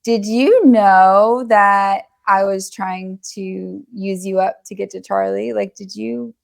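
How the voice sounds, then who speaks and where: A woman chatting casually on a podcast in a playful, teasing way. Her voice carries heavy vocal fry. She keeps pressing with questions. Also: medium pitch, fairly even intonation, takes it slowly. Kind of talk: casual chat.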